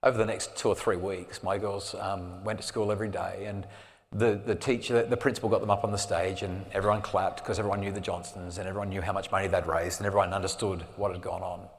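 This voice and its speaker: A fairly low-voiced man tells a personal story to a live audience, earnest and sometimes sinking to a near hush. His voice rings out with a long reverb in a large hall. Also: flat delivery, quick pace. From Australia. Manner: earnest, drops to a soft hush at emotional moments. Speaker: parenting speaker.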